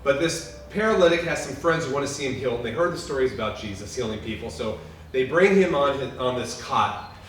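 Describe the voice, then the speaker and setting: A man preaching at a memorial service, earnest and sweeping between loud peaks and hushed lines, in a lodge hall. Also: mid-range voice, expressive, fairly quick. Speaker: pastor. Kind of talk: memorial sermon. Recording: echoey hall from far off, faint noise.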